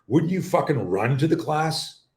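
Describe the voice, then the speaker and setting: Here a middle-aged man from Canada speaks in a fairly high pitch and a little slowly, with reverberation around him. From his home office he hosts a live talk stream, telling animated, rambling stories and swearing casually; he works as a self-defense coach.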